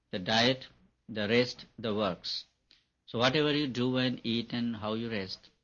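Husky man teaching meditation. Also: fairly low pitch, fairly bright tone. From India. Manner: repeats points for emphasis, chuckles. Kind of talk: spiritual talk to an audience. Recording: dull lo-fi recording.

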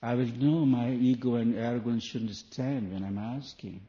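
Male spiritual teacher, dark and mellow, rhetorical questioning, lo-fi 1980s tape. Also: medium pitch, fairly even intonation, moderate pace. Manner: rhetorical questions, non-native phrasing. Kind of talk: spoken sermon to an audience. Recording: dull lo-fi 1980s tape recording.

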